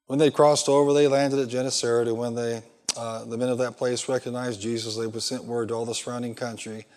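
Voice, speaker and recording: A man's voice: mid-range voice, flat delivery, fairly quick, darkish tone. A male pastor preaching a sermon, reading scripture and pressing the congregation with fill-in questions. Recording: long hall reverb.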